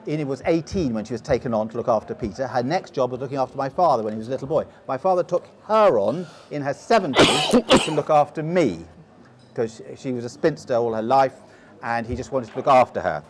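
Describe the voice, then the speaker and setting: A man's voice: mid-range voice, lively intonation, brisk. A middle-aged man with a posh English accent, telling long stories as a guest in an interview, often restarting his sentences. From England. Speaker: guest explorer. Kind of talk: storytelling interview.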